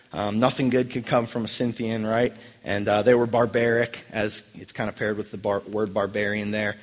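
A man delivers an earnest sermon, firing rhetorical questions at his congregation. His voice sits at an ordinary pitch for a man. It rings with the long reverb of a church hall. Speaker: pastor.

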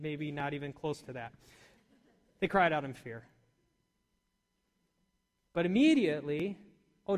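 A man preaching a sermon to a congregation, animated and full of questions to his listeners. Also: high-pitched. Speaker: pastor. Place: church hall. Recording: long hall reverb.

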